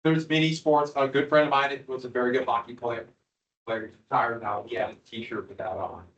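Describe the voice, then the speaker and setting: A man's voice: medium pitch, fairly even intonation, a little fast, fairly bright tone, dull audio. A male history teacher giving a classroom lecture, joking with his students and teasing them with questions.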